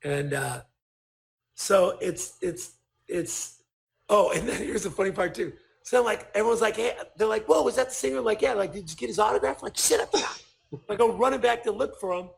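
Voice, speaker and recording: A man, a podcast guest telling a story in casual chat, animated and swearing as he acts out what people said. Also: high-pitched, moderate pace, vocal fry.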